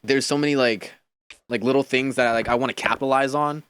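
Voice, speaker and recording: A young man, a podcast guest, chatting casually and telling animated stories full of fillers. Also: mid-range voice, fast talker, clean tone. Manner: animated storyteller, many fillers.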